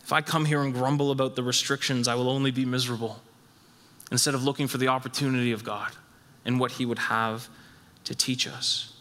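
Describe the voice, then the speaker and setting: A man's voice: level tone, brisk, fairly bright tone. Emphatic man preaching in a reverberant hall. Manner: emphatic, repeats phrases, rises in pitch when stressing a point. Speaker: pastor. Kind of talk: sermon.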